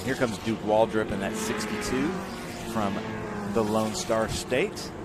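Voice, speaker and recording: A man doing live motorsport commentary, chatty and excited, reading out greetings from viewers. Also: lowish voice, measured pace. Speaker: race commentator. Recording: steady noise in background.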